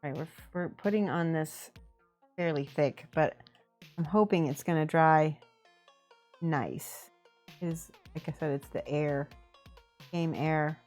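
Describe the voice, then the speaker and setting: A woman from the American Midwest paints miniatures on a stream, chatting casually, reading chat aloud, laughing often and toying with how words are pronounced. Her voice is low and darkish, her pace slow with frequent pauses, and faint music plays behind her.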